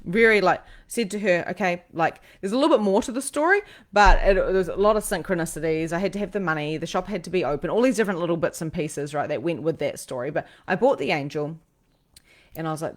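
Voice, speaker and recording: A woman, a psychic host telling a personal story with lively energy, acting out what people said and swearing casually. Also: on the low side, fast talker. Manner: animated, acts out quoted lines, swears casually.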